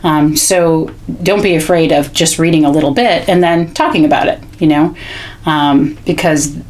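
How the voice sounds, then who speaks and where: A woman's voice: sits low, darkish tone. A woman teaching parents how to read aloud to children, chatty and explanatory with frequent "um" and "okay?" check-ins. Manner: reads sample text slowly with stressed words. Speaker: literacy educator. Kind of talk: instructional video demonstrating read-alouds.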